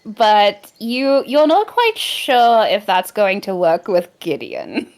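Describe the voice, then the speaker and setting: A woman narrating as game master of an improvised tabletop game, in a gentle, unhurried way. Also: mid-range voice, lively intonation.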